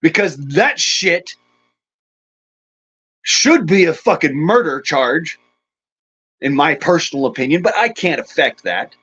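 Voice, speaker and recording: Slow and pausing often, the middle-aged livestream host has a fairly high, fairly bright, slightly rough voice with lively intonation. Shaken and angry, he rants profanely and greets chat over dull lo-fi audio.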